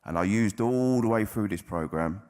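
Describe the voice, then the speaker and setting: A very deep, low-pitched male voice tells his story to an audience. His delivery is plain-spoken and frank, with casual swearing. It has the candid tone of a personal testimony. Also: moderate pace, darkish tone. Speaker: recovering addict sharing at a convention.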